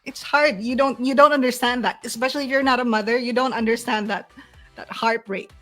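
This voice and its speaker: A woman's voice: a little high, steady tone, fairly quick, a bit bright, faint music behind. A middle-aged woman with a Filipino accent, a guest speaking earnestly and emotionally about running her agency, often restarting her sentences. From Philippines. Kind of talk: heartfelt interview talk.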